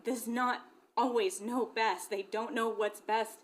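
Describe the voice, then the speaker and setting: A woman's voice: a little high, steady tone, a little slow, slight background noise. A young woman from Glendora, California, a parent giving an impassioned public comment at a school board meeting. She talks earnestly and keeps checking in with her listeners. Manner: earnest, repeatedly checks in with "okay?".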